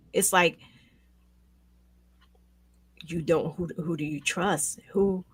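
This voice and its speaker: A woman hosting a talk show, speaking with raw emotion, her voice swinging between loud outbursts and hushed near-whispers. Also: on the low side, fairly even intonation, takes it slowly, long pauses, breathy edge, dry recording. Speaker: show host. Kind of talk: emotional commentary chat.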